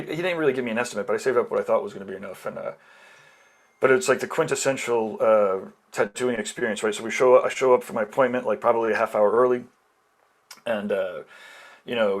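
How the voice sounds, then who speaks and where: Man, podcast guest on a call; quick, loose, rambling anecdote delivery. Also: on the low side. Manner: rambling, lots of fillers and restarts. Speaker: podcast guest, tattoo collector. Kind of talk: casual storytelling.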